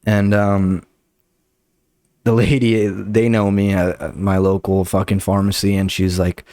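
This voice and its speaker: A young comedian from the Los Angeles area hosts his podcast in a mid-range, slightly mellow voice with fairly even intonation and normal speed. Alone at the mic, he tells rambling, profane stories and acts out the people in them, captured in a dry, clean studio recording.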